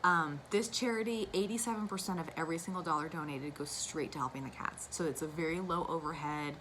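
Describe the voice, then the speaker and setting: Casual woman vlogger, a little low-pitched, chatty and enthusiastic, light room hum behind. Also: brisk, fairly bright tone, poor audio. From United States. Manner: chatty and gushing, with asides. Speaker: cross-stitch vlogger. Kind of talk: casual chat to camera.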